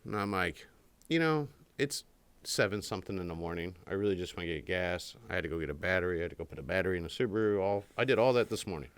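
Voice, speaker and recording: Low-voiced man telling a rambling story. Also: expressive, fast talker, smooth. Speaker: podcast co-host. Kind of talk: casual chat.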